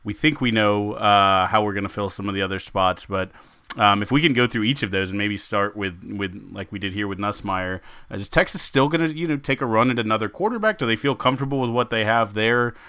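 A podcast host with a smooth, clear and bright voice, sitting fairly low for a man. He jokes and trips over his words as he builds his questions. The sound is dry and close. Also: fairly quick, dry recording. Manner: joking, stumbling into long questions. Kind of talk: casual podcast chat.

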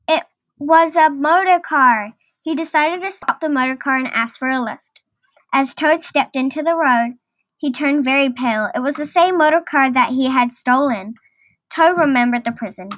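Brief: female storyteller, high voice, unhurried reading of a children's story. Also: no echo. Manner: gentle, deliberate storybook reading.

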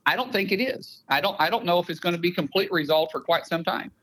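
A man's voice: sits high, quick pace, fairly bright tone, breathy edge, low-quality recording. A man with an Oklahoma accent, a senator giving a casual radio interview and laying out emphatic, detailed explanations. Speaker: senator, guest.

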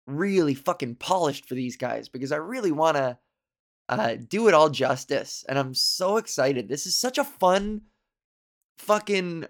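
A woman hosting a solo podcast in casual chat, telling stories with lots of swearing and self-deprecating asides, and acting out what people said. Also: deep voice. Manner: animated, swearing, self-deprecating storyteller who acts out quotes. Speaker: podcast host.

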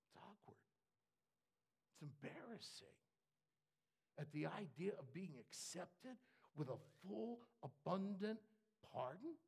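A man preaching a sermon with passion, halting and repeating words, dropping to whispers and rising to shouts. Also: high voice, very animated, gravelly, slightly rough. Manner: impassioned, swings from hushed whispers to shouts. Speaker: pastor. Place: church with a screen for the congregation.

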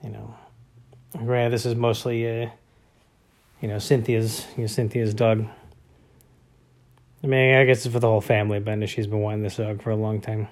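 A man's voice: lowish voice, level tone, moderate pace, long pauses. A man in his thirties, a father, talking casually about his family in a rambling way with many fillers and restarts. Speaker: father of young boys. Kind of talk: casual family vlog talk.

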